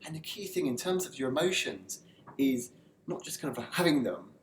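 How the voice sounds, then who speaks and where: A man delivers a personal development lesson in a relaxed, conversational way, often restarting his sentences. His voice sits at an ordinary middle pitch. The recording has a noticeable room echo and a faint hum of ambience underneath. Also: moderate pace. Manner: loose and conversational, frequent fillers and restarts. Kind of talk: motivational talk to camera.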